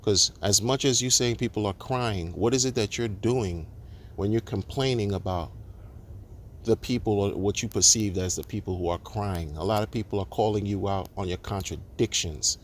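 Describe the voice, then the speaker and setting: Indignant low-voiced man ranting. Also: normal speed, a little hiss or hum. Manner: indignant, repetitive, stammering restarts. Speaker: crypto commentator. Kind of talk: ranting monologue.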